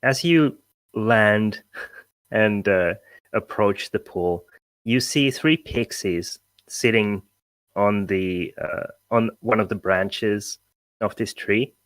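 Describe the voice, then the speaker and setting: A man with a lowish voice narrates a tabletop game at an easy, slow pace. He chuckles through his descriptions of the scene, and the sound is dry and close. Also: fairly bright tone, dry recording. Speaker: game master.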